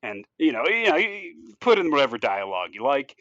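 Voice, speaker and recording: A man casually pitching a movie story on a podcast, rambling loosely with lots of "like" and "you know" and frequent restarts. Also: very animated, fairly quick, a bit bright, dry recording, muffled recording. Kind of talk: casual chat.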